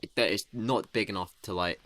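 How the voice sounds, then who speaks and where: A man's voice: on the low side, brisk, fairly bright tone, no echo. A man casually improvising a rambling story, slipping into character voices. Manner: rambling, laid-back, voices characters in quotes.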